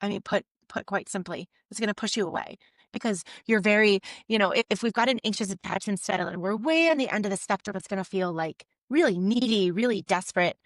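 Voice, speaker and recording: Lively woman therapist explaining. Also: medium pitch, quick pace, no room sound. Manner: lively, explains with acted-out examples and restarts. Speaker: couples therapist, guest. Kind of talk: explanatory interview talk.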